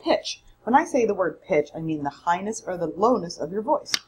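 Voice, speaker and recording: A woman's voice: lowish voice, expressive, moderate pace, background noise. A woman instructor giving a conversational, emphatic recorded mini-lecture from home. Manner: conversational, emphatic, self-correcting. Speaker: college public speaking instructor.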